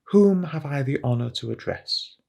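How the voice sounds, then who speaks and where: A man reading a calm sharp detective, husky voice. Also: medium pitch, moderate pace, voice pushed up.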